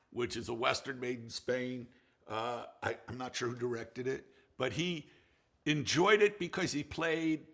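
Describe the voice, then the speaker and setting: An older director of films looks back in an interview, telling rambling stories with many restarts, laughs and a bit of profanity. He speaks at medium pitch with vocal fry, a fairly bright tone and a slightly rough texture.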